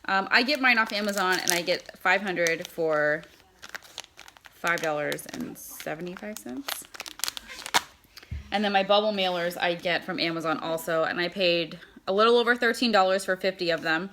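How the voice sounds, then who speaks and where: A woman's voice: fairly low pitch, normal speed, background noise. A woman giving a casual how-to demonstration, chatting as she packs and handles mail. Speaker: product seller.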